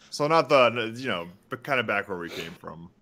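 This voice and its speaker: Eager goofy player, bright male voice, lowish pitch, brief. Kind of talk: casual tabletop play.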